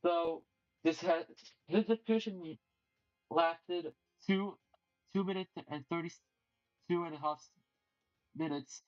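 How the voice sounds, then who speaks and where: A hoarse man streaming live, commentating on competition videos in an excitable way and often restarting his sentences. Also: fairly high pitch, slow pace, pauses often, lo-fi sound, faint music behind.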